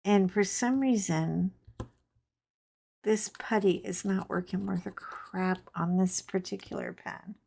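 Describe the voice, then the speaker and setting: Unhurried chatty woman telling stories. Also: mid-range voice, gravelly, husky. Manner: chatty, animated storyteller with frank asides. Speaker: crafting channel host. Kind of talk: casual storytelling chat while crafting.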